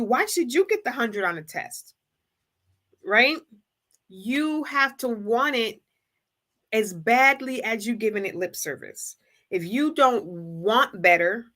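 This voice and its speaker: Bright-voiced emphatic woman host. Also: fairly high pitch. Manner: emphatic, acts out quoted voices, casual and direct. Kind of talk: motivational live-stream talk.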